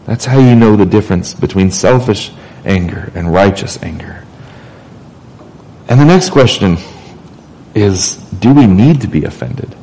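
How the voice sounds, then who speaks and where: A man's voice: on the low side, animated, unhurried, dark tone, slightly rough, poor audio. Conversational man preaching a sermon. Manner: conversational preaching, frequent restarts and repeated words. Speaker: pastor.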